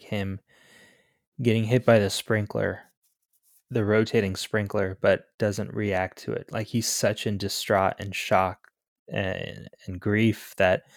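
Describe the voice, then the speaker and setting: A man's voice: fairly low pitch, level tone, slow, dry recording, clean studio sound. A man co-hosting a podcast, chatting about a movie in a jokey, casual way with plenty of fillers. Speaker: podcast co-host.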